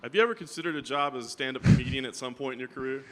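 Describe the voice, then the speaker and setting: A man, a reporter, asking questions in a quick, slightly halting way. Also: mid-range voice, a bit bright, in a large hall. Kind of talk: interview questions.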